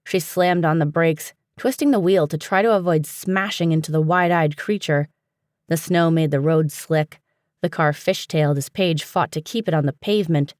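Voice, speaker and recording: A woman narrating a fantasy audiobook in a steady, even storytelling manner, recorded on a close studio mic. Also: low-pitched, clear, resonant tone, dry recording. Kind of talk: scripted narration.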